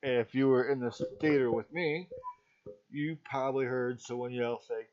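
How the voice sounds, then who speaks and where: A man's voice: mid-range voice, steady tone, moderate pace. A middle-aged man reviewing a movie in a casual, rambling talk, often stopping to ask "okay?". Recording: dull lo-fi recording.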